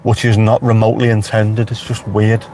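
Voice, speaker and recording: A man's voice: fairly low pitch, completely flat delivery, normal speed, a little mellow, a little hiss or hum. A man with a Liverpool accent, chatting casually on a live stream from inside his car with wry asides to viewers. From Merseyside, England. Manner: chatty, wry, talks back to live chat.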